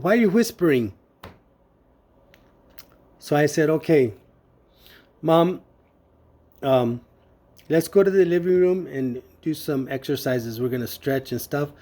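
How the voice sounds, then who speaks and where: A man shares personal testimony through a family story, halting with many pauses and fillers while acting out the dialogue he quotes. His mid-range voice is a little mellow.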